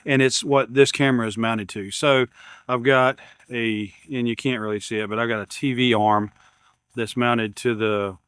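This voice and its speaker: A man's voice: medium pitch, steady tone, normal speed, a bit bright, clear, resonant tone, dry recording. A man, rambling casually as he unboxes gear at his workshop bench. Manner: rambling, repeats words, self-deprecating humor. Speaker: YouTube maker unboxing camera gear.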